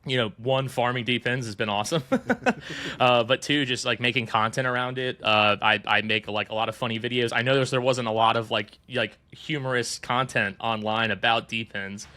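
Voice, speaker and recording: A man's voice: mid-range voice, steady tone, normal speed, sharp tone. A man chatting casually as a podcast guest, rambling with lots of fillers and frequent laughs. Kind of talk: casual interview chat.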